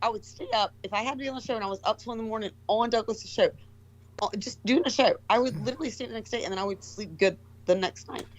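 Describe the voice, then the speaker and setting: A woman's voice: a little high, fast talker, dull audio. A woman calling in to a casual chat show, rambling bluntly and swearing a lot. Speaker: caller.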